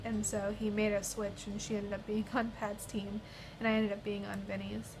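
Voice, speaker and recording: A woman calmly telling a fond memory of a friend for a memorial video. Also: medium pitch, normal speed, background noise. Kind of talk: memorial interview reminiscence. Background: soft instrumental music.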